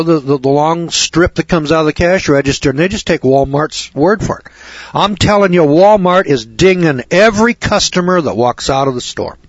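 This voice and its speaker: A husky-voiced man spins a rambling, indignant monologue on air. His voice comes through dry and close, on a dull lo-fi recording. He circles back, repeats himself and keeps talking at the listener. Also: mid-range voice, no echo. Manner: indignant, repetitive, conversational.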